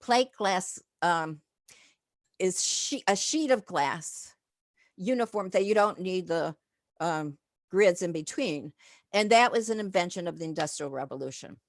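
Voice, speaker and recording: A woman's voice: lowish voice, lively intonation, measured pace, no echo. Chatty older woman lecturing, dry sound. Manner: chatty, digressive, many fillers and laughs. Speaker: professor giving a lecture. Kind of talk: informal lecture with slides.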